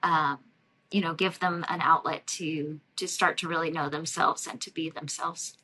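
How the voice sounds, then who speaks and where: A woman energy healer talking in a relaxed podcast interview, reflective and loose, with many fillers and light laughs. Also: sits low, moderate pace, slight background noise, low-quality recording. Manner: warm, reflective, frequent fillers and soft laughs. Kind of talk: casual interview talk.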